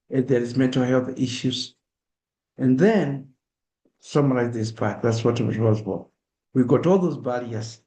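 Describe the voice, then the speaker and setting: A man's voice: mid-range voice, mellow, roomy sound. A man from Kenya with a Kenyan accent, giving an earnest public talk and urging his listeners emphatically. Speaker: speaker.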